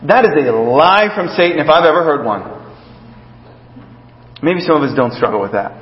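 A young adult male pastor preaching a conversational sermon, often dropping to a soft, gentle voice. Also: on the high side, animated, moderate pace. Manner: conversational, drops to soft gentle tones when quoting God. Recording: echoey hall, dull lo-fi sound.

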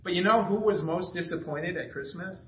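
A man's voice: sits high, a little fast, a little hiss or hum. A middle-aged man preaching a casual, enthusiastic sermon, telling family stories with laughter. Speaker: pastor. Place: church sanctuary. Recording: echoey dull church recording.

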